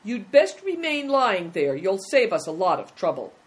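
A woman's voice: mid-range voice, sing-song, normal speed, pitched above the performer's own voice, close to an everyday voice. A woman voicing a bold, practical young boy who speaks bluntly in a storybook reading. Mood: forceful. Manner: blunt and decisive.

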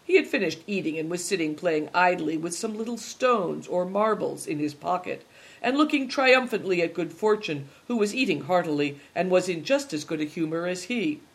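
A narrator reading a story aloud at a steady, even storytelling pace. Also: medium pitch, moderate pace, breathy edge. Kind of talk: audiobook narration.

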